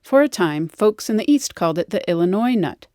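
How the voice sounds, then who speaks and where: A woman's voice: medium pitch, lively intonation, fairly quick, darkish tone, dry recording. A woman narrating a scripted educational explainer with a wry, lightly playful delivery, recorded on a close studio mic.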